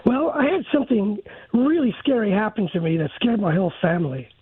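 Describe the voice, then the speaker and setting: Middle-aged male caller, husky voice, tinny dry phone line, halting and rambling. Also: high voice, very animated, no room sound. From San Francisco area. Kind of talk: phone-in story.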